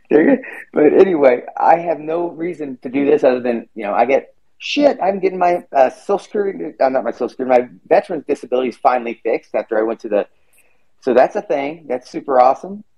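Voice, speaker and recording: A man's voice: mid-range voice, animated, a little fast, dark tone, dull audio. A man hosting a podcast, chatting casually and rambling, swearing freely. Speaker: podcast host. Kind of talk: casual chat.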